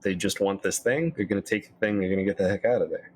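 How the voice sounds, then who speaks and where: A man co-hosting a casual podcast chat about running tabletop games, talking in a relaxed, rambling way with frequent restarts. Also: deep voice, fast talker. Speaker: co-host.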